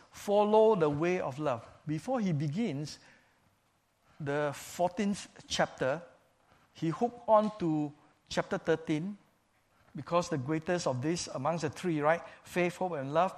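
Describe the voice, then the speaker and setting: A man delivers a sermon in a measured, emphatic way. He leans on repetition, saying key phrases twice for weight. His voice sits a little higher than most men's. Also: darkish tone. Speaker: preacher.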